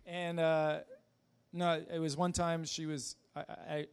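Gravelly man telling his story haltingly. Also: a little high, little pitch movement. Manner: halting, with many fillers and restarts, self-deprecating laughs. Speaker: speaker giving a personal testimony. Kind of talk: casual spoken testimony.

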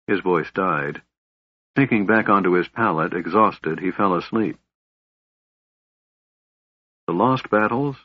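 A man narrating a fantasy audiobook in a measured storytelling manner. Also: low-pitched, dry recording, highs cut off.

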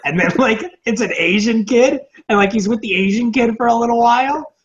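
A man's voice: very high-pitched, a little fast. A young man co-hosting a casual movie podcast, rambling and profane, laughing often. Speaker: podcast co-host. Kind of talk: casual movie review chat. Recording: dull lo-fi audio.

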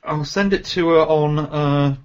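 A man's voice: on the high side, fairly even intonation, measured pace, darkish tone, muffled recording. A man hosting a casual group podcast, joking and rambling with fillers. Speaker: podcast host.

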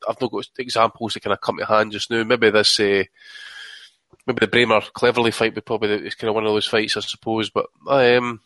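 Male podcast co-host: quick, stop-start delivery, dry close sound, mid pitch. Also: flat delivery, fairly bright tone, no room sound. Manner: halting, many restarts, heavy swearing. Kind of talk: casual chat.

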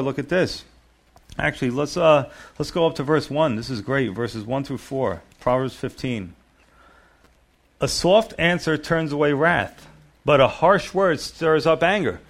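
Man preaching in a conversational way. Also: fairly high pitch. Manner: conversational preaching, reads scripture aloud. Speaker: pastor. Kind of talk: sermon.

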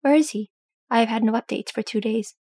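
Woman doing a young male dwarf prince, hot-tempered, clipped and forceful, husky. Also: fairly high pitch, brisk, no room sound, clean studio sound. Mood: subdued.

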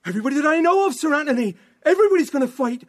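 A frantic male servant runs in shouting for help. He is out of breath and his voice sits extremely high as a man acts him out. He sounds flustered, and his shouts pile one on top of another. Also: expressive, rapid-fire. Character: panicked male servant, breathless alarm-raiser.

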